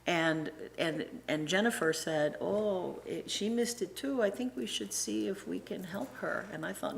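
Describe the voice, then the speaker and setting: A middle-aged woman giving a casual, animated church talk, acting out the voices of people she quotes and often restarting her sentences. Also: on the low side, a little slow, creaky, hardly any pauses, a little hiss or hum. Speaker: church presenter and Sunday school teacher.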